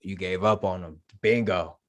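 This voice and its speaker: A man's voice: sits low, steady tone, normal speed, no room sound. A man, a Marine veteran guest on a podcast, chatting casually and emphatically, with a few stumbling restarts.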